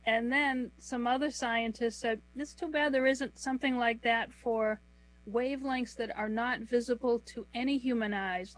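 A woman in middle age talks through her work as an interview guest, her voice sitting a little high for a woman. She explains patiently and takes things one at a time, slowing down when she lists items. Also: rough recording. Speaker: author and guest. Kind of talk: conversational interview answers.

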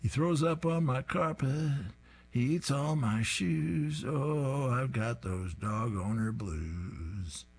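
A man's voice: medium pitch, animated, takes it slowly, gravelly, breathy edge, voice pushed up, exaggerated voice. A man crooning as an old blues-singing lady. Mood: bluesy. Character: older woman singing dog-owner blues.

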